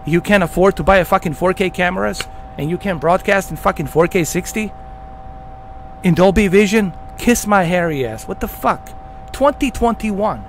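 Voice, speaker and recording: A man's voice: sits high, normal speed, a little hiss or hum. A man hosting a gaming channel, delivering a heated, profanity-filled rant with emphatic repetition.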